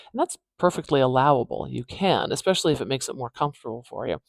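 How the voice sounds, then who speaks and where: A woman teaching pronunciation in a phonetics tutorial, patiently repeating words slowly to demonstrate their sounds. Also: a bass voice, expressive, vocal fry, no echo.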